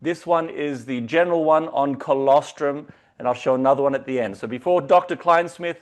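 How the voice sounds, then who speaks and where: A man hosting a company video call, hyping the guest with excitable introductions. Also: a little high, moderate pace, few pauses. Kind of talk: enthusiastic online meeting hosting.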